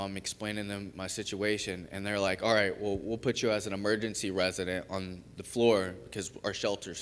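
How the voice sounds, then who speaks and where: A young man shares his recovery testimony from the front of a church, speaking in a candid, conversational way full of fillers and self-corrections. His voice sits a little low. The sound carries a long reverb from the large sanctuary. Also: fairly bright tone, clear, resonant tone. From Kentucky. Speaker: recovery program graduate giving testimony. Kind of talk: personal testimony in a church service.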